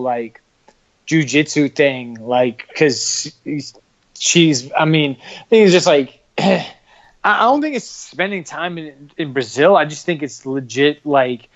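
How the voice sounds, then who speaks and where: A man chatting casually on a podcast, halting and repeating his words as he talks. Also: a little high, lo-fi sound.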